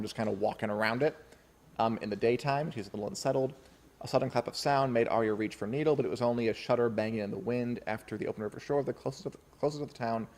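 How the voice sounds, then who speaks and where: Gravelly-voiced man chatting about a book. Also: on the low side, a little mellow. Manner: chatty, laughs often, reads passages aloud. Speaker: podcast co-host. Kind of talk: casual book discussion.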